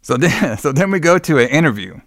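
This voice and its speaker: A man co-hosting a podcast, recapping a wrestling show in a rambling, excitable way with lots of fillers. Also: fairly high pitch, brisk, no echo, clean studio sound. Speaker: podcast co-host.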